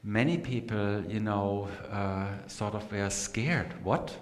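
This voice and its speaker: A man with a German accent giving an unhurried live talk to an audience, pausing often with fillers. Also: lowish voice, fairly even intonation. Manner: unhurried, hesitant with many fillers. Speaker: meditation teacher giving a talk. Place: meeting room with a live audience. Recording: echoey hall, faint noise.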